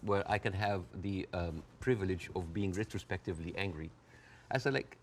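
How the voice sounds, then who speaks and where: A man speaking as an interview guest in a heated debate, animated and quick to push back, often acting out the people he quotes in a raised voice. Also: low voice, a little hiss or hum. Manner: fast, interrupts and pushes back.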